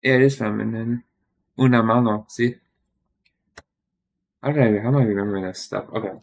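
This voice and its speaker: A man's voice: on the low side, a little fast, vocal fry, darkish tone. A man thinking aloud during a study stream, muttering and correcting himself as he works through a quiz, tired and yawning.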